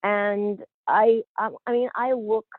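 A woman from Australia, an actress, telling stories in an animated interview and often laughing. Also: medium pitch, slow, no room sound. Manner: animated, laughing, quotes other voices. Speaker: actress guest. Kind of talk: casual interview storytelling. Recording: tinny phone-like line, dry.

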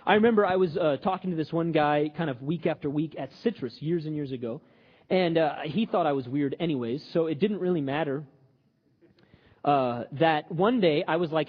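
A man preaching a sermon in a lively, joking, conversational way. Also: fairly high pitch, normal speed. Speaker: pastor. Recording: dull audio with long hall reverb.

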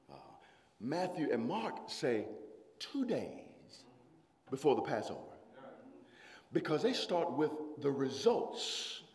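A man preaching a sermon, rising into shouted, sung-out passages before apologizing and calming down. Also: medium pitch. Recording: hall reverb.

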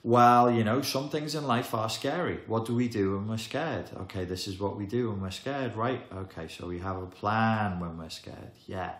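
A man's voice: on the low side, moderate pace, hardly any pauses, fairly bright tone, close to an everyday voice. A man voicing a kind, encouraging parent who reassures a child with coaxing questions. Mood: soothing. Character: gentle reassuring good parent talking to a child. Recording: echoey room.

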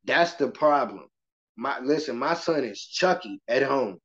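A man who teaches kindergarten, speaking as a guest in a casual interview and telling stories with lively acted-out voices. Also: mid-range voice, measured pace. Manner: animated storytelling, slips into voices of kids and adults. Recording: muffled lo-fi podcast audio.

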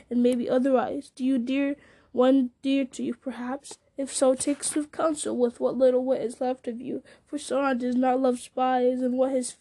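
A scornful herald of a dark lord, sneering and gloating at his enemies, as a woman reading a storybook puts him on. The voice sits fairly high with a soft, mellow tone. He mocks and taunts in archaic speech. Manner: taunting, sneering, laughing at others.

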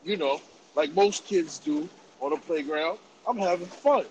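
A man around forty, telling a story in animated, profane, laughing casual podcast chat. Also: fairly high pitch, measured pace, a little hiss or hum, low-quality recording. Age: about 40. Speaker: podcast host.

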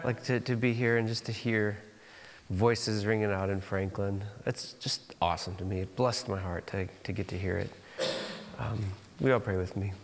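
A man preaching a sermon in a church, telling stories in an animated way with frequent restarts. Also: on the low side, long reverb tail. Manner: animated storytelling, halting restarts. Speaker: pastor. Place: church auditorium.

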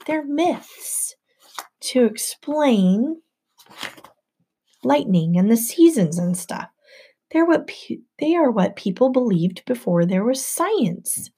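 A woman's voice: on the high side, very animated, slow, warm tone, breathy edge, voice pushed up, heavily acted. A woman voicing a puzzled, earnest boy. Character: confused, questioning boy student. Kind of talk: audiobook narration.

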